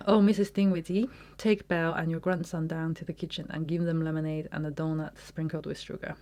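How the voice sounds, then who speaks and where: A woman voicing a kindly, proud older male guardian who speaks gently and patiently. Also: deep voice, flat delivery, a little fast, close to an everyday voice.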